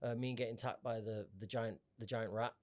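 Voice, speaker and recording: A British man co-hosting a podcast, a loud, animated storyteller in casual chat. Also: mid-range voice, fast talker. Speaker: podcast co-host.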